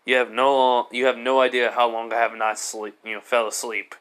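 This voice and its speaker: A man's voice: medium pitch, flat delivery, normal speed, a bit bright, clear, resonant tone, lightly acted. A man voicing an easygoing young male hero in an improvised fan story, talking in a hesitant, rambling way with many fillers. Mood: calm.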